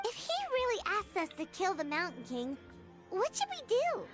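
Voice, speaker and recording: A woman's voice: very high voice, huge pitch swings, normal speed, heavily acted. A woman voicing a small, eager female game companion who sounds worried and keeps asking questions, with game music behind her. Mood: uneasy. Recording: game dialogue over soundtrack.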